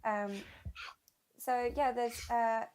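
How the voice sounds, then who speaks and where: A woman's voice: a little high, fairly even intonation, extremely slow, a crowd in the background. A woman acting as game master, describing scenes and laughing often while she narrates. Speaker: dungeon master.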